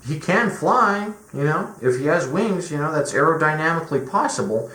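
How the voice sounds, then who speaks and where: A man's voice: fairly high pitch, lively intonation, moderate pace, bright, forceful tone. A man giving a rambling, opinionated movie review, full of fillers and swearing. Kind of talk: casual spoken movie review. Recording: roomy echo with faint background noise.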